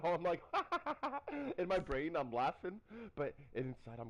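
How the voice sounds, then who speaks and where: Animated man telling stories, lo-fi audio. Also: high voice, normal speed, hardly any pauses. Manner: animated storytelling, acts out quotes. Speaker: live streamer. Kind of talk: casual chat.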